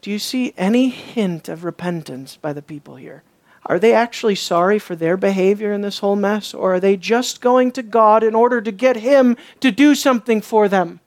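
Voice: medium pitch, moderate pace. Preacher, sermon, emphatic repetition, rhetorical questions.

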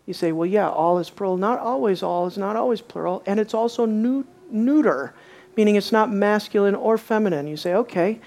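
A woman's voice: mid-range voice, fairly quick. A woman teaching a bible study, asking her listeners questions and acting out the quoted lines. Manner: animated, asks the audience questions, acts out quotes.

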